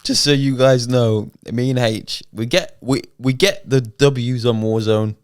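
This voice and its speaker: Laid-back young man, smooth voice. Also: medium pitch, fairly even intonation, measured pace, dry recording, clean studio sound. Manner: laid-back banter, swears and laughs often. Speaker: podcast co-host. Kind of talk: casual chat.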